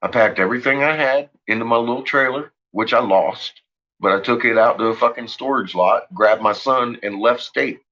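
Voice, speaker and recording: A man's voice: mid-range voice, moderate pace, lo-fi sound. A man on a late-night monologue, ranting and swearing heavily as he tells his story. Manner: profane, ranting, shouts in retold quotes. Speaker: host.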